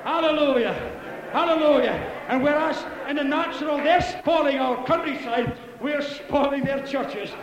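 A man preaching a fervent Pentecostal sermon, telling stories and shouting hallelujahs. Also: very high voice, normal speed, roomy sound, long reverb tail, lo-fi sound, background noise. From Scotland.

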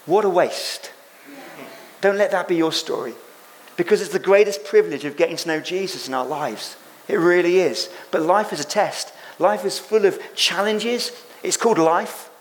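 A man's voice: high-pitched, normal speed. Man preaching an emphatic sermon. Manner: emphatic preaching with repeated phrases and quoted lines. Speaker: pastor.

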